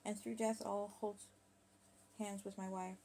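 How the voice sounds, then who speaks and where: A woman voicing her husband's remorseful, halting prayer in a rhyming story. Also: mid-range voice, flat delivery, warm tone, slight background noise, pitched above the performer's own voice, lightly acted. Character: husband praying, sincere and remorseful.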